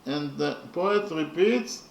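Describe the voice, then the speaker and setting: Slow gravelly man lecturing from afar. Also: on the high side. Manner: deliberate, repetitive, with hesitant fillers. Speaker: literature lecturer. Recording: roomy, from a distance, faint noise.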